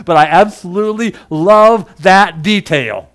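A man pastor delivering a sermon with passion, dropping to a hush and then rising to loud emphasis. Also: high voice, normal speed, few pauses, smooth. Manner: impassioned, swings from hushed to loud.

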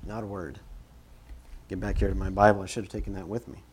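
A man preaching a sermon in church, conversational and animated, repeating phrases for emphasis as he moves about. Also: low voice, quick pace, slight background noise. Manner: moves around while preaching. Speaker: pastor.

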